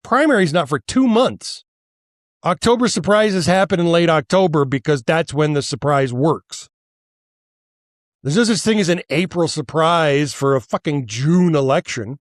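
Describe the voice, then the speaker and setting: A man's voice: fairly high pitch, animated, a little slow, no echo, clean studio sound. A male podcast host delivering a heated, profane political monologue, worked up and angry, stammering and restarting as he goes.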